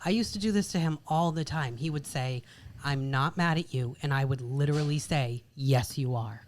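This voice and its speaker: A woman with a low voice co-hosts a podcast about marriage, chatting casually at a moderate pace. She leans heavily on "like" and "literally."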